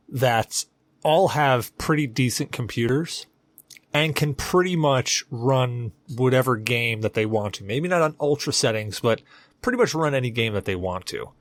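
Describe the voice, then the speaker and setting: A man's voice: mid-range voice, animated, measured pace, no echo. A man co-hosting a casual gaming podcast, arguing his point step by step. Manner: argumentative, explaining step by step. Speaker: podcast co-host. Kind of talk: casual chat.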